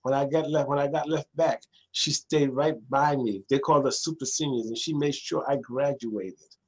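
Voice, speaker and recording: A middle-aged man, a librarian guest, telling stories in a lively conversational way and acting out the voices of people he quotes. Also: moderate pace, low-quality recording. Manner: acts out quoted voices, jumping much higher. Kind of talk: animated storytelling in conversation.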